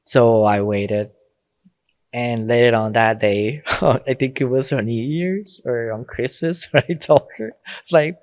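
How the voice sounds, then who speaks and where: A man's voice: medium pitch, unhurried, a little mellow, dry recording. A man, a Catholic priest and podcast guest, telling stories in casual conversation, laughing often and acting out quoted lines.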